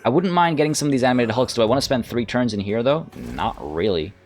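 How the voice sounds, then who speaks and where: A man's voice: medium pitch, very fast, a little mellow, faint music behind. Man musing through a strategy game. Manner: thinks aloud, hesitant and musing. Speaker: let's play host. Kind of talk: gameplay commentary.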